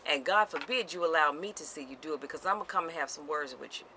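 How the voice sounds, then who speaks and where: Bright, emphatic woman vlogger. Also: sits low, quick pace, a little hiss or hum, poor audio. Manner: emphatic, repeats key lines, addresses viewers directly. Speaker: motivational vlogger. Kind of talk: direct-to-camera motivational talk.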